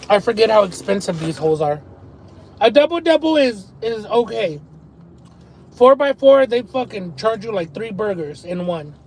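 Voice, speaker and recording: A man live-streaming a mukbang, telling stories excitedly with lots of swearing and chewing between lines, from a parked car. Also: high-pitched, a little hiss or hum, poor audio. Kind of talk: casual live-stream chat while eating.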